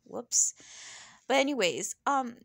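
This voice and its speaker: Sassy, animated young woman recapping TV. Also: fairly high pitch, takes it slowly, gravelly. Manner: animated, sassy, laughing asides. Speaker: reality TV recap vlogger. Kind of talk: casual chatty commentary.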